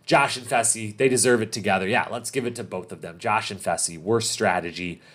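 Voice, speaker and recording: A man's voice: lowish voice, a little fast. Emphatic man recapping a reality show. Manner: animated, emphatic, repeats points for stress. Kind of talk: casual recap commentary.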